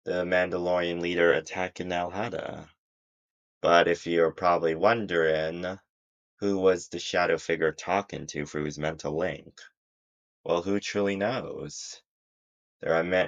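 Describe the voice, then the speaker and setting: A man's voice: low-pitched, highs cut off. A man casually narrating a fan-fiction story in a rambling way, with frequent restarts.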